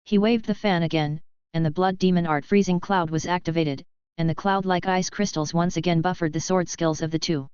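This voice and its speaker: A woman narrates a web-novel audiobook in a steady, even reading. Her voice is low and very smooth, close and dry, on a slightly dull, lo-fi recording. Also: brisk, no room sound.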